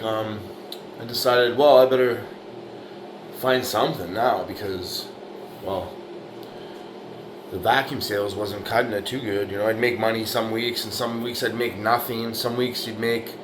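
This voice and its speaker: A middle-aged man delivers a rambling, blunt motivational rant, cursing freely and tagging lines with "you know" and "right." His voice sits at an ordinary middle pitch. A faint noise runs underneath. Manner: profane, blunt, tough-talking. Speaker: bricklayer vlogger.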